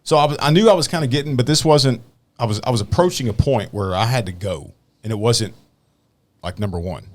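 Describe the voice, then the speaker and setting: A man's voice: mid-range voice, brisk. A man, a police officer hosting a podcast, telling a story in casual chat with many restarts. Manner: rambling, many restarts, laughs through his story.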